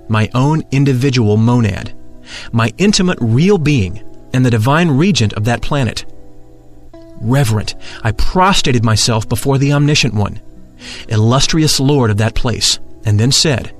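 Man calmly narrating a spiritual text. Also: medium pitch.

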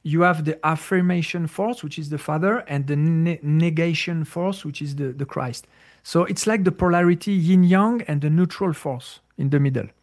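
Guy with gravelly voice, english not his first language, lots of uhs, casual spiritual talk. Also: fairly high pitch, darkish tone. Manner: halting, searching for words, many fillers. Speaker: spiritual teacher.

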